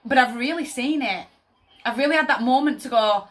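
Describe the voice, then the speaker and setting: A woman's voice: sits high, fairly quick, faint music behind. A woman giving a casual tarot reading, chatty and emphatic, often checking in with her listener. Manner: chatty, emphatic, often asks "does that make sense?". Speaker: tarot reader.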